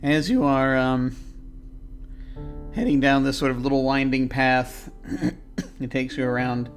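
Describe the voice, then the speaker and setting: A man's voice: medium pitch, measured pace, soft background music. A man narrating a tabletop game as game master, hesitant, with many ums and restarts.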